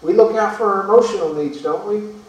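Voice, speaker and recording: Preacher heard from afar in an echoey hall. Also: male voice, high-pitched, a little fast. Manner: earnest, rhetorical questions, repeats words. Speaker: pastor. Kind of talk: sermon. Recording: echoey room from far off.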